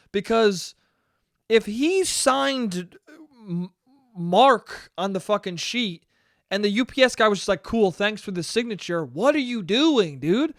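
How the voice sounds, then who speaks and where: A man's voice: high voice, expressive, slow, no echo, studio quality. A man hosting a casual solo podcast who tells stories with heavy swearing, laughs often, and mocks himself. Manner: profane, self-mocking, laughs often. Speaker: podcast host.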